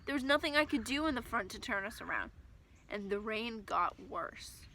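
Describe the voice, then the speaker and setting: A woman reading a first-person children's story aloud, with expressive, lively storytelling. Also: fairly high pitch, moderate pace, slight background noise.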